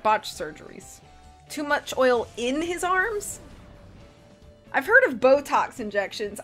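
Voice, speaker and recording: A young woman chatting casually on a live stream while playing a game, bubbly and excitable. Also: a little high. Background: faint game music.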